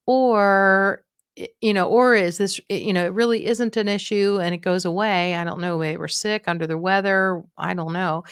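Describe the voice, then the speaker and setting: A middle-aged woman with a low, gravelly voice talks frankly about caring for a loved one. She sounds encouraging and now and then acts out what people say. The sound is dry and close. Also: no echo. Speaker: dementia care podcast host. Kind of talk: casual advice talk.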